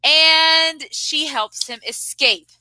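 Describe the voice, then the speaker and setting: A woman co-hosting a casual chat, retelling a movie plot in an animated way and often acting out the characters' lines. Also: high voice, slow pace, no room sound, rough recording. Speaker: co-host.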